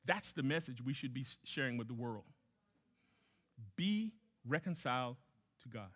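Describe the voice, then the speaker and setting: A man's voice: medium pitch, lively intonation, unhurried, fairly bright tone, husky. A man preaching a sermon as a guest pastor, emphatic, repeating key phrases and putting questions to the congregation.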